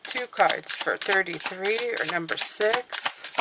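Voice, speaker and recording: A woman's voice: medium pitch, slow pace, heavy background noise. A woman giving a casual, encouraging tarot and numerology reading, chatting and thinking aloud as she draws cards.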